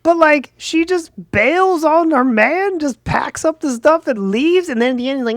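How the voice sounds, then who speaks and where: A man's voice: very high voice, animated, normal speed, few pauses, no room sound. Laid-back man on a dry podcast mic. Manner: laid-back, opinionated banter. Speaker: podcast co-host. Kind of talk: casual podcast chat.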